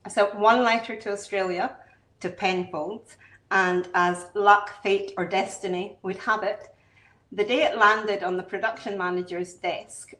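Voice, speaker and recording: A woman's voice: mid-range voice, a bit bright, roomy sound, rough recording. A Scottish woman, a wine producer, telling her story in a chatty, self-deprecating way on a video call. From Scotland. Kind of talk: online interview, storytelling.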